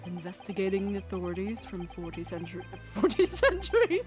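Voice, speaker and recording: A woman's voice: mid-range voice, sing-song, brisk, music in the background. A woman streaming a game, chatting casually, giggling often, swearing loosely and reading lines aloud. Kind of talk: casual game let's-play commentary.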